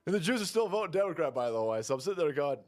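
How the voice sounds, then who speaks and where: Very animated and very fast, this man's darkish voice tears into politics with profanity and ridicule. He mimics his targets in high-pitched voices.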